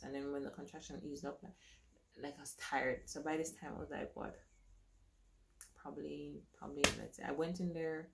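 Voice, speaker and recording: A woman telling her own story to camera in a casual, animated way, acting out what others said to her. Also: deep voice, a little fast, vocal fry.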